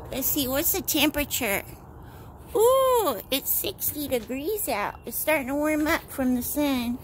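A woman's voice: high voice, animated, unhurried, slight background noise. A young woman chatting casually to a viewer at home, playful and cooing at her pets. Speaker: vlogger. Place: home indoors.

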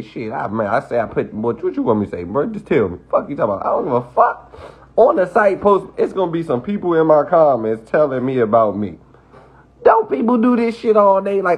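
A social media personality with a high-pitched, breathy voice rants defiantly on a livestream, cursing freely. He repeats himself as he brushes off the people criticizing him.

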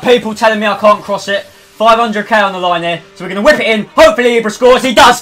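A young man commentating his own football video game match, swinging between low muttering and swearing, shouting outbursts. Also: animated, brisk, faint music behind. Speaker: gaming YouTuber. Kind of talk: live gameplay commentary.

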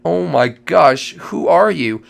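A man hosting a Minecraft role-play comedy video, excitable, who keeps exclaiming and repeating himself. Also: a little high, slow, vocal fry. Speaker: channel host and Minecraft role-play player.

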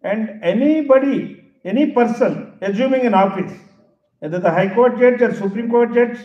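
A man's voice: extremely high pitch, highs cut off. Male professor, emphatic speech, roomy echoey hall. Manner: emphatic, repeats key phrases, deliberate. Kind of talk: public lecture.

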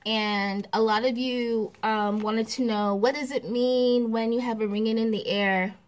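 Animated, slow-talking woman spiritual teacher. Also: on the high side. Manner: animated, repetitive, laughs often, acts out examples. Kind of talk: casual spiritual class talk.

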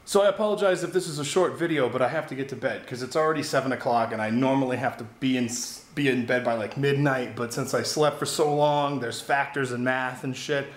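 A man's voice: medium pitch, a little fast, hardly any pauses, reverberant. A man who makes gaming videos, talking casually and candidly to camera in a rambling vlog, swearing now and then. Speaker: gaming YouTuber.

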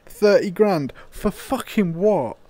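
A young man giving casual, sweary gameplay commentary, swinging into loud disbelief and laughter. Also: sits high, expressive, takes it slowly. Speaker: gaming YouTuber.

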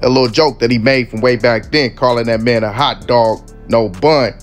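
Male commentary host, casual street slang, mid-pitched voice, faint music underneath. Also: moderate pace. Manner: laid-back street slang, conversational. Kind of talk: casual commentary over clips.

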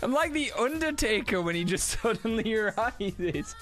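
Excitable high-voiced male streamer. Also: unhurried, over loud music. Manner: excitable, swears, bursts into laughter. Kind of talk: casual gaming stream chat.

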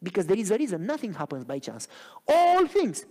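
Animated preaching man in a reverberant church. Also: sits high, fairly quick. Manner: animated preaching with frequent rhetorical questions. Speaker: pastor. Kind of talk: sermon. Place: church sanctuary.

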